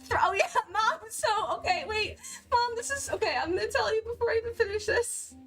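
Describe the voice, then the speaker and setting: A woman's voice: very high-pitched, fairly quick, a bit bright. A young woman chatting casually on a livestream, bubbly and giggly, laughing often between lines. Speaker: cosplay livestreamer.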